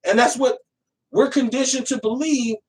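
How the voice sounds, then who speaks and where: A man hosting a casual talk show, animated and profane, often slipping into voices to make a point. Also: very high voice, normal speed. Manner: animated, profane, acts out voices mid-rant. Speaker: podcast host. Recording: voice a bit distant from the mic.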